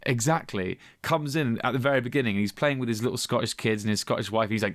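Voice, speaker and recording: A man's voice: medium pitch, quick pace, no echo. A man co-hosting a film podcast, chatting casually and acting out scenes. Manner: animated, acts out scenes in voices. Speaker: podcast co-host. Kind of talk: casual film-review chat.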